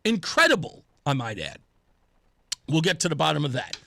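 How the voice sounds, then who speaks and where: A man's voice: fairly high pitch, normal speed, vocal fry. A man hosting a talk radio show, telling stories with laughs, his throat scratchy from pollen. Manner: animated, laughing storyteller. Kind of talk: casual talk radio monologue. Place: radio studio. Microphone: studio microphone.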